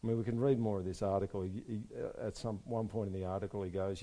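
Low-voiced pastor preaching. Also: male voice, fairly even intonation, quick pace. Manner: swings from soft and low to loud and emphatic. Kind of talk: sermon.

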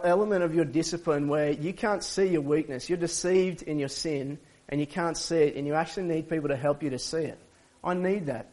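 A man's voice: on the high side, a little mellow. A male pastor, preaching in a conversational way and often restarting his sentences. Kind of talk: sermon.

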